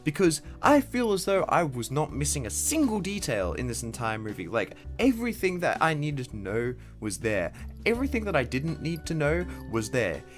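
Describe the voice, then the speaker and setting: A man's voice: fairly high pitch, wildly swooping pitch, moderate pace, faint music behind. A young man at his home computer giving a casual movie review, rambling and profane, with many restarts.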